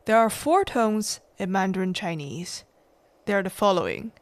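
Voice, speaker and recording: A woman hosting a language podcast, slowly demonstrating Mandarin tones with patient pauses for repetition. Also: mid-range voice, sing-song, dry recording, clean studio sound. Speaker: host, Mandarin teacher. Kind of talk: slow, deliberate language lesson.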